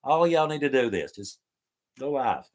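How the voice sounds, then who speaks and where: A man's voice: mid-range voice, big pitch swings, moderate pace. A man, hosting a casual live chat from home and reading viewer comments in an easygoing, folksy way with lots of laughter. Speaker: live stream host.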